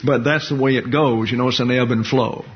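Folksy male pastor preaching in a church, lo-fi recording, mid-pitched voice. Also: fairly even intonation, fairly quick, slight background noise. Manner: folksy, jokey asides with acted-out quotes. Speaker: pastor-teacher. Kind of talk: sermon. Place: church hall with a congregation. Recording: dull lo-fi sermon recording.

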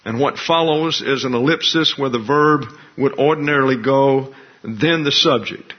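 A male pastor delivering an expository sermon, explaining scripture and its grammar in a deliberate, teacherly way. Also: medium pitch. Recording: dull lo-fi recording.

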